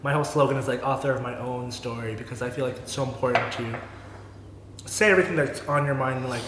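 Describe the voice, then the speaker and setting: A man's voice: medium pitch, fast. A young man hosting a casual mukbang vlog, talking chattily and filling his sentences with "like". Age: young adult. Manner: chatty, filler-heavy with lots of "like". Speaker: host, influencer. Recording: roomy echo with faint background noise.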